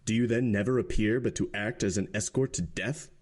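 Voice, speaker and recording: A man's voice: on the low side, brisk, natural voice. A man doing a frantic, anguished magistrate. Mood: alarmed. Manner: anguished, pleading outbursts. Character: frantic grief-stricken male magistrate, middle-aged.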